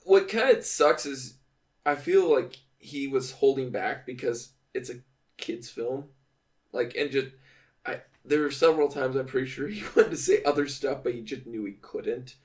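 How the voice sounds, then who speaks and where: Young male co-host, chatty and laughing, mid-pitched, a bit distant from the mic. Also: normal speed, a little mellow. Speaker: podcast co-host. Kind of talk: casual chat.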